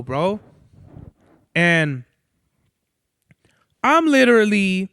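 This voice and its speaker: A man's voice: high-pitched, fairly bright tone, dry recording, studio quality. A young man, hosting a podcast in a casual monologue. He rambles, swears a lot and keeps losing his train of thought. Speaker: podcast host.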